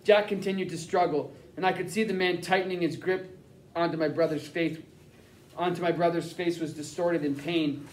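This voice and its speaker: A man reading a first-person novel aloud as an audiobook narrator, with plain, steady storytelling. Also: a little high, moderate pace, distant mic, poor audio.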